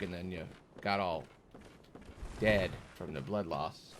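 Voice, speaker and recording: A young man giving casual live commentary on a game he is streaming, talking back at it in an exasperated way with sudden high-pitched outbursts. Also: slight background noise. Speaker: gaming streamer.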